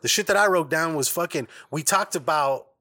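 A man's voice: fairly high pitch, brisk, sharp tone, slight background noise. A man hosting a podcast, telling stories in loose, profane casual chat, with many restarts and laughs along the way. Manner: rambling, laughing storyteller, heavy swearing and restarts. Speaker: podcast host.

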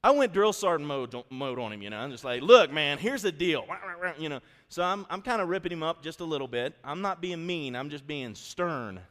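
A middle-aged man preaching a sermon in a church, telling an animated, folksy story before softening into an earnest appeal. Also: a little high, fairly quick, few pauses. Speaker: pastor. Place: church sanctuary. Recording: long reverb of a church hall.

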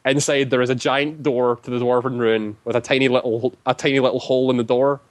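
A man's voice: mid-range voice, little pitch movement, fairly quick, no room sound. A man casually recounting a tabletop game session, rambling with many filler words. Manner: rambling, heavy use of "like" fillers. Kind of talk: casual storytelling.

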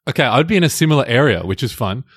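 A man co-hosting a podcast in casual chat, playful and quick to laugh. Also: medium pitch, lively intonation, fairly bright tone, breathy edge, dry recording, studio quality. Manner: jokey, laughs often, playful teasing. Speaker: podcast co-host.

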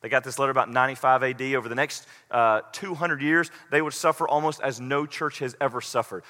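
A man's voice: medium pitch, fairly even intonation, fast talker, pushed and bright. Earnest man preaching in a reverberant hall. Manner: earnest, rising to pleading intensity. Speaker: pastor. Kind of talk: sermon.

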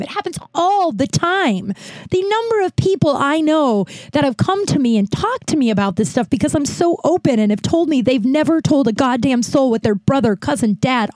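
Candid female podcast host, mellow voice, dry close sound, rambling. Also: high-pitched, no echo. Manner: rambling, frank, many restarts. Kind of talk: candid personal storytelling.

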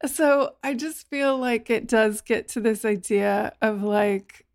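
A woman talking casually, animated and full of "like", acting out what she said to others. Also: slow pace, dry recording, studio quality. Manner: animated, acts out quoted exchanges in a higher voice, frequent "like". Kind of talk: casual conversation.

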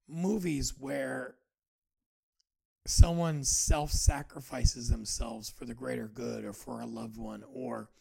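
A man in his forties hosting a podcast, talking earnestly and haltingly about his own feelings, often restarting his sentences. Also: medium pitch, vocal fry, dark tone, husky. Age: 40s. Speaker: podcast host. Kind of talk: personal reflective monologue.

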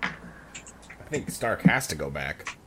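A man playing a tabletop game, talking in a hesitant, halting way with many restarts. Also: a bass voice, sing-song, pushed and bright, slight background noise. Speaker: player. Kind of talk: casual tabletop play.

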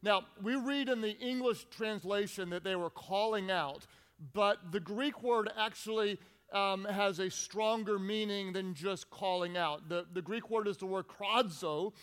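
Male pastor, high voice, animated storytelling, big echoing church hall. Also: a little slow, smooth. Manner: animated storytelling with acted-out shouts. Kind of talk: sermon. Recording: long reverb of a large hall.

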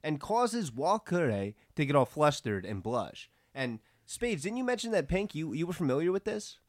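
A young man co-hosting a casual anime recap podcast, animated and slangy, often laughing. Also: a little high, moderate pace, no room sound, studio quality. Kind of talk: casual chat.

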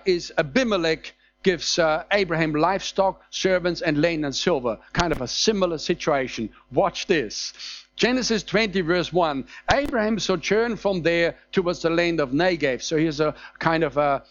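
A man's voice: on the high side, fairly bright tone. A man preaching a sermon in a conversational way, reading scripture aloud and stopping to comment on it. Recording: slightly dull lo-fi sound.

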